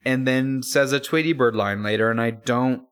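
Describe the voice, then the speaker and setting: A man's voice: mid-range voice, moderate pace, fairly bright tone, clear, resonant tone. A man co-hosting a casual podcast, hesitant and searching for words, with frequent chuckles. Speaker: podcast co-host.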